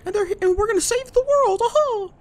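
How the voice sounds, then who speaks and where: A man doing an impression of a cheerful cartoon mouse in a shrill falsetto. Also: fairly quick. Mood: cheery.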